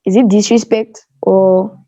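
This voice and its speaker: A woman's voice: medium pitch, steady tone, measured pace, dark tone, no room sound. A woman asking a brief, polite question as a student in an online class. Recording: muffled online call audio.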